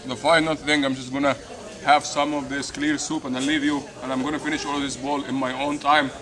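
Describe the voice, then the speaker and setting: A middle-aged man eating and reviewing a meal, effusive and a little hoarse from hot pepper. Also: medium pitch, level tone, fairly quick, a bit bright. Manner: enthusiastic, repeats "delicious" and "beautiful". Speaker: food vlogger. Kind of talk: casual food review while eating. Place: busy restaurant, indoors. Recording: noisy restaurant with crowd chatter. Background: crowd chatter.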